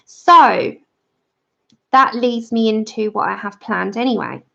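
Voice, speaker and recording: A woman's voice: fairly high pitch, slow, gravelly, sharp tone. A woman hosting a casual livestream, chatting and greeting viewers by name as she colours. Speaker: livestream host of a colouring channel. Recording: dull lo-fi stream audio.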